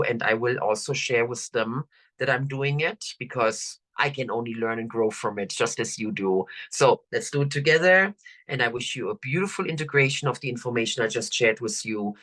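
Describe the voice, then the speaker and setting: An older woman coach, leading listeners through affirmations in a slow, soothing, drawn-out way. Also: a bass voice, lively intonation, fairly bright tone. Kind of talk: guided affirmation talk.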